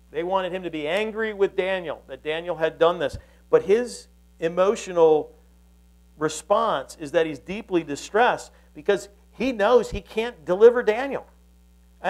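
A pastor with a fairly high voice delivers a sermon. He tells the story earnestly and keeps restarting his phrases as he goes. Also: rough recording.

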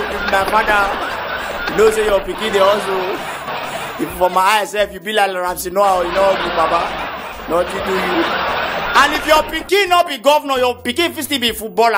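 A Nigerian man doing a stand-up comedy routine in Nigerian Pidgin English, animated and shouting out his punchlines. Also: high-pitched. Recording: comedy CD with music behind.

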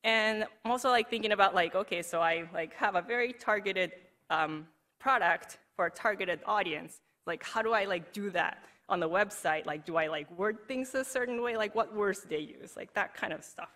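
A woman's voice: medium pitch, normal speed, fairly bright tone. A woman giving a conference presentation in a chatty, casual way, filling her sentences with "like" and laughing easily. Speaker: conference speaker. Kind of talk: recorded presentation talk.

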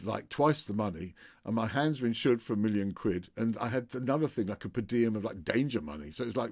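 A man's voice: on the low side, vocal fry, husky, no echo, studio quality. An older man telling a rambling anecdote in a casual way. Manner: rambling, with many fillers and restarts. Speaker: storyteller.

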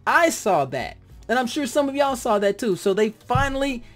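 A lively reviewer chats through a TV episode, voice rising and falling as they act out their own reactions. They drift now and then into heartfelt side remarks. Faint music plays softly behind them. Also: medium pitch, moderate pace. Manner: animated, acts out own reactions. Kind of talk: casual spoken review.

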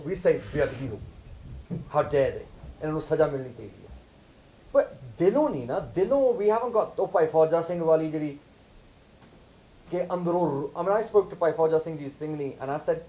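A man from the UK lectures a family camp in a lively, questioning way, his pitch sitting a little high and moving a lot. He slips Punjabi phrases into his English. A faint hiss runs under the voice. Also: poor audio. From United Kingdom. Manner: animated, mixes Punjabi into English, asks the audience questions. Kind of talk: informal lecture to a camp audience.

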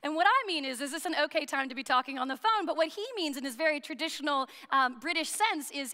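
A woman's voice: sits high, expressive, fast, hardly any pauses, bright, forceful tone. An American woman priest giving a sermon, chatty and humorous, asking the listeners questions. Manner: conversational and humorous, with rhetorical questions. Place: church hall. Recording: long reverb of a church hall.

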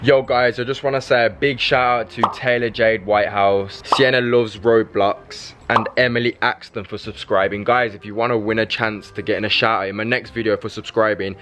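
A young man talks straight to camera in an excitable, chatty way, his slight lisp catching on some sounds. He hypes his prank plans and begs viewers to subscribe in a fast, informal vlogger patter. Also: fairly low pitch, slight background noise. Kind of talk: casual vlog talk to camera.

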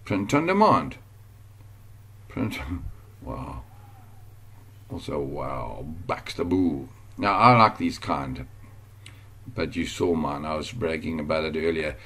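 A man's voice: extremely low pitch, big pitch swings, takes it slowly, long pauses, bright, forceful tone. A man teaching an online business lesson at home, chatting casually while sharing his screen, digressing often and easily amused. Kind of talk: casual screen-share tutorial.

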